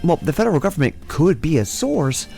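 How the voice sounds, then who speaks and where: A man hosting a podcast, recapping news in a casual, animated way with plenty of swearing. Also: a little high, brisk, creaky, soft background music. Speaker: podcast host. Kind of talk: casual chat.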